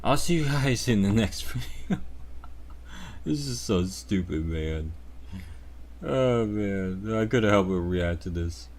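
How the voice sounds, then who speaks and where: A man's voice: fairly low pitch, expressive, takes it slowly, long pauses, darkish tone, a little hiss or hum. A man hosting his channel and giving reaction commentary in a sarcastic mock rant that turns blunt and profane. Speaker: channel host.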